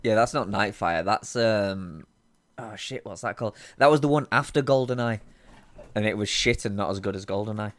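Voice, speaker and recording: A man's voice: fairly low pitch, moderate pace, no room sound. Drunk young guy co-hosting a podcast, rambling and swearing, dry close sound. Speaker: podcast co-host. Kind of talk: casual chat.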